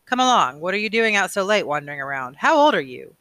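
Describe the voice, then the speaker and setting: A man's voice: a little high, normal speed, pushed and bright, dry recording, studio quality. A man reading the lines of a friendly adult fireman in a plain, easygoing way.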